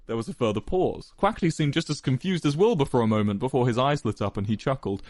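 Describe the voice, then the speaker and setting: A man's voice: medium pitch, animated, fast talker, hardly any pauses, a little mellow, dry recording, studio quality. A young man expressively narrating a fan fiction story aloud.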